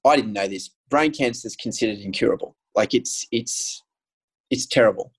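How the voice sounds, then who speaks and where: A man's voice: mid-range voice, normal speed, husky, rough recording. Earnest man telling his story. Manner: earnest, candid, with frequent ums and restarts. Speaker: guest sharing his story. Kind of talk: casual storytelling in a conversation.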